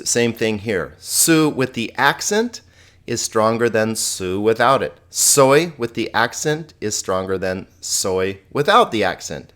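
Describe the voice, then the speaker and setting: A man teaching a recorded lesson, patient and slow to explain, who often puts questions to the listener. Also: fairly low pitch. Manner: patient, explains slowly, asks the viewer questions. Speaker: Greek teacher.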